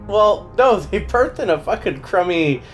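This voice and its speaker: A woman's voice: medium pitch, expressive, measured pace, faint music behind. A woman playing in a tabletop game, dry and sarcastic, teasing the others. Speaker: player. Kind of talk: casual tabletop role-play banter.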